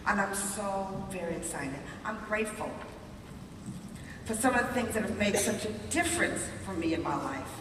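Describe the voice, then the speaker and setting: A middle-aged woman giving an exuberant motivational stage speech, chanting rhymes and repeating how excited she is. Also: mid-range voice, moderate pace, noisy background. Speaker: sales director speaking on stage. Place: large arena with audience. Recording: echoey arena from far off, loud crowd.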